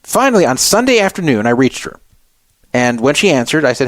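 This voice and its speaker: A man hosting a radio show and telling a personal story with animated delivery, jumping into the voices of the people he quotes. His voice sits in a middle register. The studio sound is close and dry, with no room around it. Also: mid-range voice, a little fast, dry recording.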